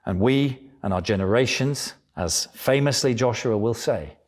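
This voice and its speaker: A middle-aged man preaching a sermon, animated and acting out voices of the people in his story. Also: mid-range voice, measured pace. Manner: animated preaching, acts out voices of biblical figures.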